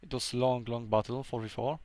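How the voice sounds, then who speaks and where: A man whose first language is Polish talks through a strategy game battle in a casual, halting way, pausing on fillers as he thinks aloud. His voice is smooth and resonant at a middling pitch. The sound is dry and close, with no room echo. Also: steady tone, a little mellow. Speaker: game commentator. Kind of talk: casual gameplay commentary.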